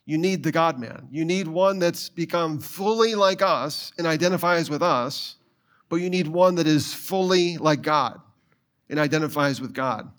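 A middle-aged man preaching a sermon, telling a personal story and putting quick questions to his listeners. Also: fairly high pitch, fairly bright tone. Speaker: pastor.

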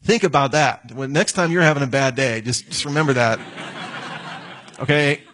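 A pastor with a medium-pitched, fairly bright voice preaches briskly. He tells stories during the sermon and acts out the voices of the people in them.

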